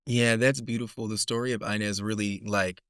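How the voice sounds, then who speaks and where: A male host reflects thoughtfully on what his guest has shared. His voice is smooth and sits slightly low. It is recorded close and dry. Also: fairly even intonation, fairly quick, a bit bright, no echo. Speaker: podcast host. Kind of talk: interview.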